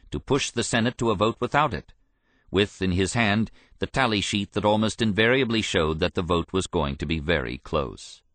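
A man narrating a history audiobook in a measured, deliberate way. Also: on the low side, a bit bright, no room sound. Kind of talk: scripted narration.

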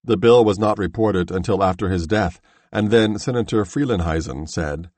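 Man, audiobook narrator, low husky voice, dry close sound, measured delivery. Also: a little mellow, no echo. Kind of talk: audiobook reading of history.

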